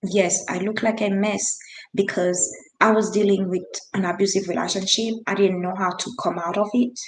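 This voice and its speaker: A woman's voice: mid-range voice, fairly even intonation, normal speed, reverberant, a little hiss or hum, low-quality recording. A woman from Haiti, in her thirties, telling a personal story in an earnest, emphatic way, with restarts and non-native grammar. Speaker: vlogger.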